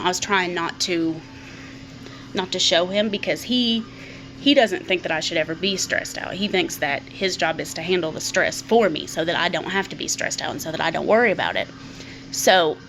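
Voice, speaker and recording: A middle-aged woman talks openly to her camera in a fairly low voice, circling back over her words as she works through her thoughts. Faint music plays quietly under her speech. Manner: candid, repeats words while thinking aloud. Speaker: vlogger. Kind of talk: personal talk to camera.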